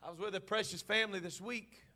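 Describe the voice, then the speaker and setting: A middle-aged man, preaching a sermon in church, moving between quiet storytelling and shouted, fervent preaching. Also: high-pitched, fairly even intonation, fast.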